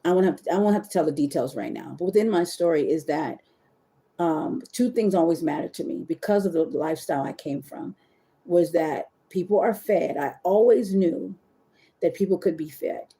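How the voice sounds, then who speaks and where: Give me a woman with a low, warm voice talking candidly and rambling on a livestream. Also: normal speed. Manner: rambling, candid, addresses viewers as y'all; emotional, near tears at times. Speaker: webcam model hosting a livestream. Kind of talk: casual confessional livestream talk. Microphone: phone or webcam on a live stream.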